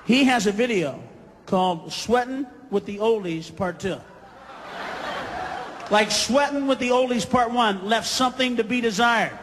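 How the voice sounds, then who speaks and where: Profane high-voiced stand-up comic. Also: male voice, measured pace. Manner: profane, ranting, shouts into high-pitched impressions. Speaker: stand-up comedian. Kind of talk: stand-up comedy routine. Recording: live hall with audience, faint crowd noise.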